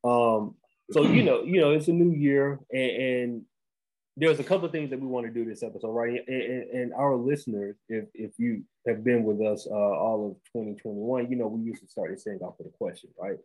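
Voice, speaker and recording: A man, hosting a podcast and telling a story in animated casual chat, often restarting and saying "bro". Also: mid-range voice, fairly quick, rough recording. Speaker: podcast host.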